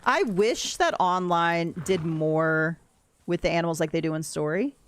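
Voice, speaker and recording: A young adult woman streaming a game, talking in a rambling, candid, soft-spoken way. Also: lowish voice, a little slow. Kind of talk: casual livestream chat while gaming.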